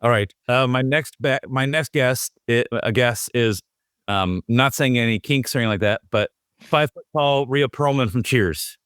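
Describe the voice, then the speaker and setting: A man's voice: medium pitch, normal speed, fairly bright tone, clean tone, no echo, studio quality. A man co-hosting a podcast, chatting casually and teasing his co-host, with frequent ums and restarts. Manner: joking, teasing, many fillers and restarts. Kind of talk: casual chat.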